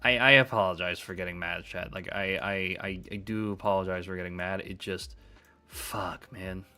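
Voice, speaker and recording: A man's voice: low-pitched, fairly even intonation, normal speed, sharp tone, clear, resonant tone. A young man from New York, a streamer chatting live with his chat, swearing freely and ranting, then settling down.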